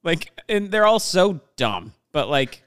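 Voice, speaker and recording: A man's voice: a little high, sing-song, slow pace, fairly bright tone, clear, resonant tone. A man chatting casually as a podcast co-host, rambling with many filler words and laughing often. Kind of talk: casual chat.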